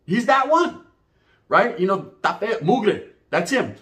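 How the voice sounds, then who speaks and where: Speaking slowly in a high-pitched voice, a man from California acts out every character in a funny street story. He's animated and out of breath, and his storytelling is thick with Chicano slang.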